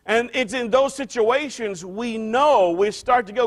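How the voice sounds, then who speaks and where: High-voiced man preaching a conversational sermon. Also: unhurried, few pauses. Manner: conversational, restarts and repeats phrases for emphasis. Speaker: pastor.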